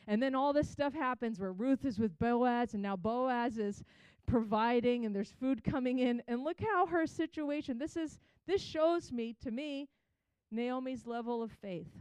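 A woman's voice: on the high side, a little slow, a little mellow, clear, resonant tone, no echo. Chatty woman teaching the Bible. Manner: chatty, laughs often, retells scripture conversationally.

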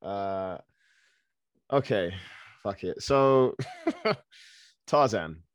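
A man from Africa, an actor guest, telling stories in a lively, casual way, laughing often and swearing now and then. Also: fairly low pitch, drawn-out words, clear, resonant tone, no room sound, clean studio sound. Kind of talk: casual storytelling.

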